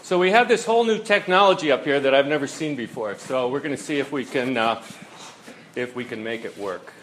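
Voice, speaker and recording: A male university lecturer talks through an introductory economics class in a loose, conversational way, often pausing on fillers and asking the room rhetorical questions. His pitch sits in an ordinary middle range. Faint noise hangs under the recording. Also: fairly bright tone, rough recording.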